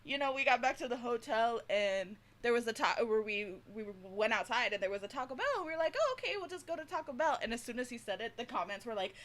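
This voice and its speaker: A woman's voice: fast, few pauses. A woman co-hosting a casual podcast chat, telling stories animatedly, acting out quotes and laughing often. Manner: animated storyteller, acts out quotes with big pitch jumps. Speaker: podcast co-host.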